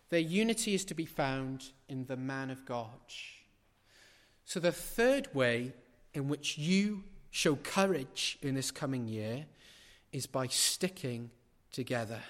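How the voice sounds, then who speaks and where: A man preaching a sermon in a large church, building to loud emphatic peaks with rhetorical questions and repetition, then dropping to quiet asides. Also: on the high side, big-room sound.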